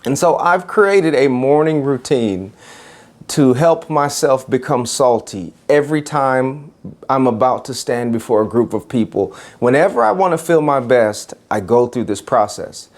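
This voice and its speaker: A man's voice: medium pitch, expressive, measured pace. A man giving an emphatic motivational talk to educators and telling a story.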